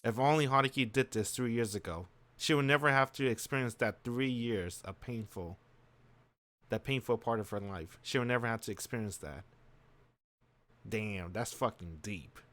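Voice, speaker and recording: A man's voice: medium pitch, normal speed, fairly bright tone. A man streaming a visual novel, musing aloud in casual slang as he reacts to the story. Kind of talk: casual let's-play commentary.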